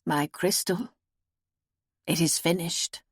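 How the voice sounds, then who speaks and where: A woman reading an audiobook, voicing a weary old woman seer who speaks slowly and gravely. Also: lowish voice, fairly even intonation, no room sound, studio quality. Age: older. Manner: slow, solemn, measured.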